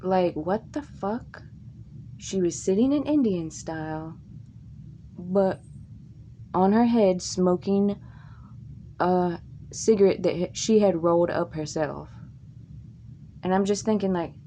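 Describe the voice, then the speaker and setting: A woman from Tennessee telling crude, funny stories from her life in a casual, drawn-out way. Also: mellow, slight background noise. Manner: slow, drawn-out delivery with crude jokes and squeaky put-on quotes. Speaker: comic storyteller. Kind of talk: casual comic storytelling.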